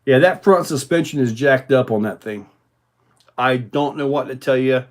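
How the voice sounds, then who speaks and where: A man hosting a casual livestream, rambling in a relaxed way with many fillers while answering viewer comments. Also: medium pitch, normal speed. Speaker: RC hobby livestream host.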